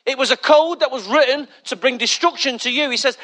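A male pastor preaching a sermon with humorous, lively storytelling. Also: very high voice, a little fast, hardly any pauses.

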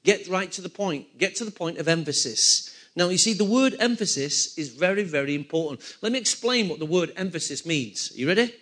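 A man's voice: sits high, lively intonation, a little fast, hardly any pauses, fairly bright tone. A man preaching a sermon to a congregation, repeating key phrases and asking them questions. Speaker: pastor.

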